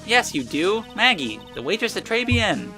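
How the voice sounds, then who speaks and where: A man's voice: sits high, big pitch swings, moderate pace, pushed and bright, faint music behind, pitched above the performer's own voice, exaggerated voice. A man voicing a polite young male lawyer who asks careful questions.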